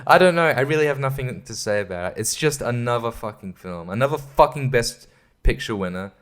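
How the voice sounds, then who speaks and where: In a brisk, fairly bright mid-range voice with lively intonation, a podcast host rants about a film in a casual, profane way. He rambles with exasperation, stumbles over words, and laughs between thoughts.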